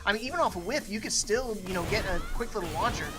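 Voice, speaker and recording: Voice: medium pitch, lively intonation, quick pace, music in the background. A commentator giving casual, jokey play-by-play of a fighting game tournament. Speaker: esports commentator.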